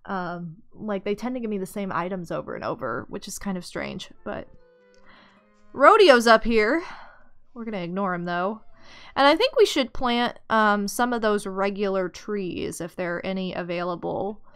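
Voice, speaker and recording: A young woman hosting a gaming channel, chatting casually and bubbly over her gameplay, squealing when excited. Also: medium pitch, moderate pace, clear, resonant tone, soft background music.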